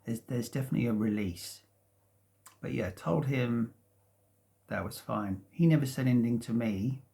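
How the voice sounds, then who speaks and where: A man in his fifties, rambling casually at home about his past, hesitant and meandering with many restarts and soft chuckles. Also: mid-range voice, normal speed, creaky. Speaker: vlogger. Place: at home, sitting in a sunlit room.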